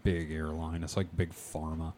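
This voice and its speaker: A man's voice: rumbling low, little pitch movement, moderate pace, a little mellow. A man hosting a podcast, telling the story in a casual way and swearing freely. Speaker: podcast host presenting the topic.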